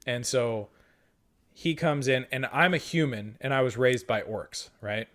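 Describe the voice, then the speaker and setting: A man's voice: mid-range voice, measured pace. A young man with an ordinary mid-range voice tells a tabletop game story among friends. He swears often and acts out each exchange with the game master. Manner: profane, animated retelling with quoted dialogue. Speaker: podcast host.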